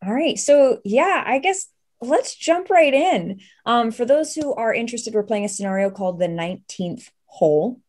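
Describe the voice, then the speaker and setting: A woman's voice: on the high side, lively intonation, normal speed, a little mellow. A woman running a tabletop horror game as game master, upbeat and chatty as she introduces players and sets the scene.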